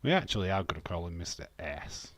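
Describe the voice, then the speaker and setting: Fast and very animated, this deep-voiced man from Yorkshire streams wrestling watch-alongs and chats casually with his live viewers. He reads comments, banters, rambles, and swears from time to time, all in a Yorkshire accent.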